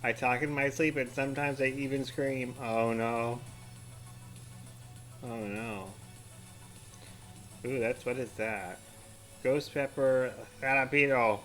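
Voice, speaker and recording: A man's voice: mid-range voice, steady tone, takes it slowly, long pauses, fairly bright tone, faint music behind. A man eating chili as he scrolls his feed, rambling, giggling and trailing off mid-sentence. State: eyes watering from spicy food. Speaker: vlogger. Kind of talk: casual commentary while eating.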